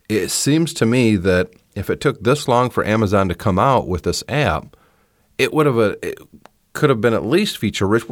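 On his solo podcast, a man with a voice on the low side talks casually and shares opinionated takes, frequently starting his sentences over. The studio-quality audio has no room sound.

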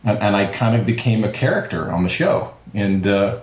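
A man with a low voice talks casually about his voice work. He brings his stories to life by acting out what others said. The sound carries a roomy echo. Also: moderate pace. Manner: animated storyteller, acts out quotes. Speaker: voice actor, guest. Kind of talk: casual interview chat.

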